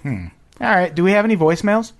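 A man's voice: sits high, lively intonation, fast. A man hosting a comedy podcast, joking crudely in casual chat. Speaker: podcast host.

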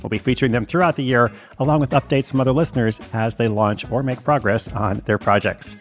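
A man's voice: mid-range voice, brisk, faint music behind. A man hosting a podcast, answering listener questions in a thoughtful, hedging way and often restarting his words. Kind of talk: casual solo podcast advice.

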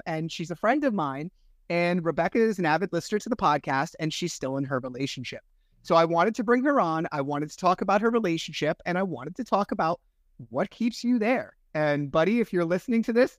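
A man's voice: high-pitched, fairly quick, no room sound, clean studio sound. Chatty man hosting a podcast. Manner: chatty, animated storyteller with fillers. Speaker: podcast host. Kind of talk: casual podcast chat.

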